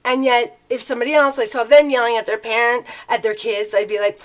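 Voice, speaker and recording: A woman working as a tarot reader gives a casual spiritual talk, chatty and loosely rambling, often checking in with listeners by asking "right?" Her voice is on the high side, level in tone, and a little fast.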